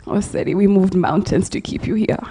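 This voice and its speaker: A grieving woman giving a tender, soft-spoken eulogy, at times sinking almost to a whisper. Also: mid-range voice, brisk, husky. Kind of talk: funeral eulogy.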